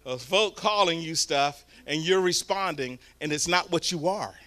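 A man preaching a storytelling sermon, swinging from hushed asides to loud shouts. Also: fairly high pitch, moderate pace. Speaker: guest preacher. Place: church sanctuary.

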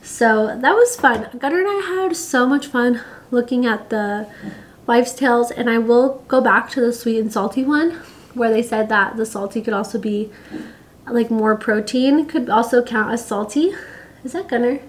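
A woman's voice: fairly high pitch, normal speed. A pregnant young woman talking casually to camera, chatty and giggly, with lots of fillers. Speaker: vlogger.

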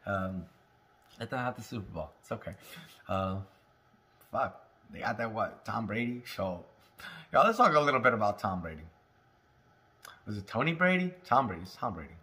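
A man hosting a casual cannabis talk, high and rambling, swearing freely, joking and coughing between lines. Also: animated, normal speed, pauses often, sharp tone. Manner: rambling, profane, jokey, with laughs and smoker's coughs. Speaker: cannabis review host. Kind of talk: casual stoned monologue.

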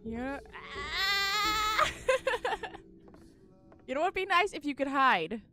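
A woman's voice: high-pitched, big pitch swings, a little fast, bright, forceful tone, faint music behind. A young woman commenting on a horror game as she plays, easily spooked, shrieking, swearing and laughing nervously. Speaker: gaming video host.

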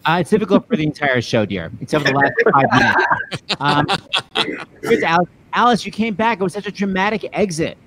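Brief: male host, slightly high voice, playful and teasing, video call. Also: expressive, normal speed, pushed and bright, a little hiss or hum, low-quality recording. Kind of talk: casual chat over video call.

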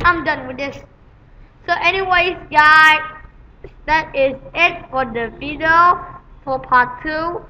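A woman giving rambling, excitable gameplay commentary on a dull lo-fi home recording, with sudden loud outbursts. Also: high voice, slow. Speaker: gaming channel host.

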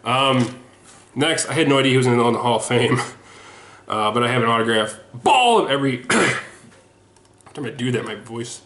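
A man casually chatting about his collection on a home video, rambling with lots of ums and restarts, sweaty and a bit hoarse in the throat. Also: medium pitch, expressive, moderate pace, long pauses, a bit bright. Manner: rambling and self-deprecating, with frequent ums and restarts. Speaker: sports autograph collector showing his mail returns. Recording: echoey room with faint noise.

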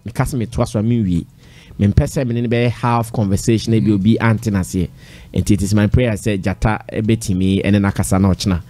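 A man's voice: lowish voice, fairly even intonation, a little fast, mellow. Man hosting a panel talk. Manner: code-switching between Twi and English, managing time. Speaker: show host. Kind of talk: moderating a panel debate.

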